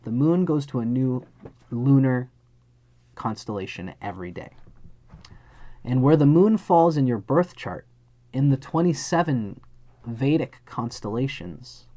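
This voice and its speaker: A man's voice: mid-range voice, a little mellow. A man giving a live astrology chart reading, speaking earnestly and directly to the person he reads for. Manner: earnest, speaks straight to the listener, acts out little scenes.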